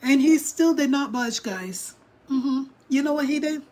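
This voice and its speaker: A woman's voice: high voice, animated, unhurried, a little mellow. A woman vlogger chatting casually to her viewers and reading out their chat as she reacts to a video. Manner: chatty, talks straight to viewers and reads chat. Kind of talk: casual livestream commentary.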